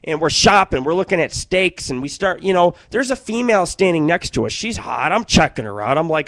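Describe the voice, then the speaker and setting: A man's voice: fairly high pitch, big pitch swings, a little fast, few pauses, a bit bright. Profane rambling male radio host. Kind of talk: crude comedic monologue.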